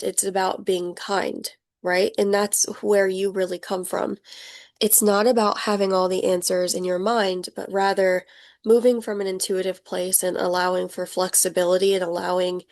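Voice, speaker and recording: A young woman giving a casual tarot reading, chatty and animated, laughing often and acting out the people she describes. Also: medium pitch. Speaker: tarot reader.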